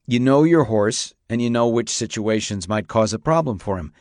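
A man's voice: on the low side, lively intonation, moderate pace, a little mellow, dry recording, clean studio sound, natural voice. A man voicing a weathered older horseman, barking commands at a rider and then talking him through it plainly and firmly. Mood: patient, firm. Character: weathered older horseman, stern but caring.

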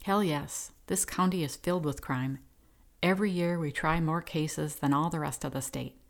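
A woman's voice: deep voice, moderate pace. A woman voicing a crude, drunk middle-aged male judge who slurs and barks. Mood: drunk gruff. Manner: slurred, gruff barking.

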